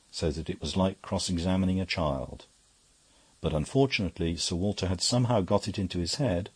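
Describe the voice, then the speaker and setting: A man narrating a classic story in an even, unhurried reading. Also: low voice, breathy edge, dry recording. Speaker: audiobook narrator. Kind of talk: scripted narration.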